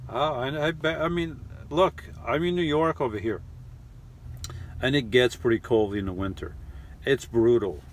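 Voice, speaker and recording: A middle-aged man hosting a casual live chat, rambling and halting with lots of restarts and fillers. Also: medium pitch, slight background noise. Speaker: live stream host reading chat. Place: lives in New York.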